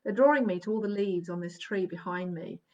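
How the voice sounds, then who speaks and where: Warm-toned medium on a live webcam stream: lowish voice, checks in often, muffled sound. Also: female voice, brisk. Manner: gentle, reassuring, keeps checking in with "all right?" and "okay?"; laughs softly between sentences. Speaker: psychic medium. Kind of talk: live online reading. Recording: dull, lo-fi live stream audio.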